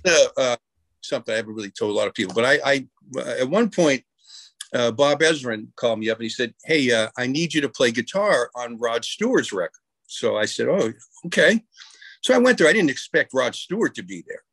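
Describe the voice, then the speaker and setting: A man in a relaxed interview, spinning loose anecdotes that wander and restart. His voice sits in a middle pitch. The recording is dry and close. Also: fairly quick, dry recording. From New York. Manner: rambling anecdotes with many restarts. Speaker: guest musician. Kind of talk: casual interview storytelling.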